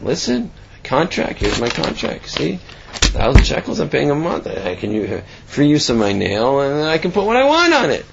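A man's voice: a little high, moderate pace, vocal fry, dull audio, a little hiss or hum. A man giving a sermon and telling parables, asking himself questions as he goes. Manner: storytelling, animated, asks himself questions.

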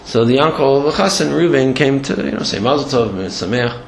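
A man giving a storytelling Torah lecture in a halting way, with many restarts and Hebrew and Yiddish terms. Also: medium pitch, creaky. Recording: echoey room, faint background noise.

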